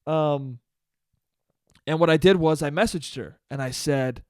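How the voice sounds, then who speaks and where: A young man hosting a solo podcast, telling a story in a profane, animated way and breaking into laughter. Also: fairly high pitch, a little slow, smooth, no echo, studio quality. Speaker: podcast host. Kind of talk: casual solo podcast monologue.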